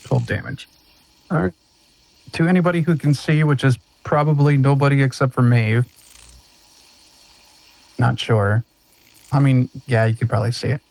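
A man's voice: mid-range voice, fairly even intonation, moderate pace, pauses often, darkish tone, no room sound, low-quality recording. A man running a tabletop role-playing game as game master, narrating scenes and rulings in an easygoing way.

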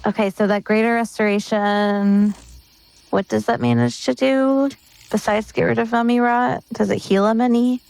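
A woman playing a tabletop role-playing game, asking about the rules in a casual, unhurried way. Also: fairly high pitch, steady tone, vocal fry, a little mellow, smooth, dry recording, poor audio. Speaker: player.

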